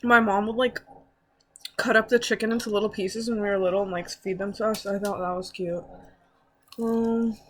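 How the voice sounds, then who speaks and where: A woman's voice: mid-range voice, fairly even intonation, moderate pace. A young woman chatting casually at home while she eats on camera, rambling and mocking herself. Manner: rambling, self-mocking, talks while eating. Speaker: mukbang vlogger. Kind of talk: casual eating-show chat.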